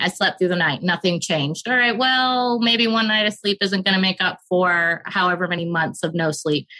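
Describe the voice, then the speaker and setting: A woman in her thirties, a podcast guest, earnestly telling a candid personal story and rushing through the emotional parts. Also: on the low side, pushed and bright, low-quality recording.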